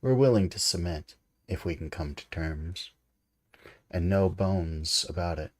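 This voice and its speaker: A man voicing a cheery, wily one-legged pirate captain who bargains in a loud, hearty, cajoling way. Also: deep voice, a little slow. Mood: hearty bargaining.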